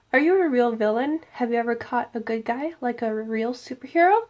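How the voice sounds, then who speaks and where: A woman's voice: on the high side, fairly quick, hardly any pauses. A young woman hosting a casual Q&A vlog from her room at home at night, playful and jokey. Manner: playful and jokey, slipping into silly voices. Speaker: YouTuber host.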